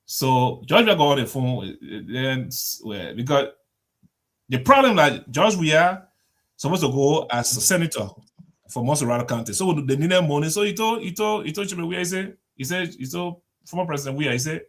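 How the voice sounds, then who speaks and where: A man telling a story on a talk show, animated, repeating words and laughing often. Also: fairly high pitch, normal speed.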